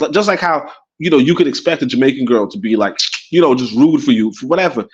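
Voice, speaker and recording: A Caribbean-born man co-hosting a casual talk show, rambling and animated, with many restarts and laughs. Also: on the high side, fast talker, highs cut off. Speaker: podcast co-host. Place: in Africa.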